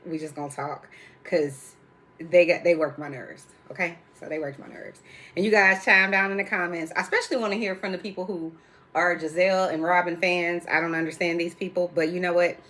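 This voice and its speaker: A chatty woman hosts her own reality TV recap, blunt and sassy, full of casual slang. Her voice sits fairly low for a woman, and she talks straight to her viewers from home. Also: fairly bright tone. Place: indoors at home.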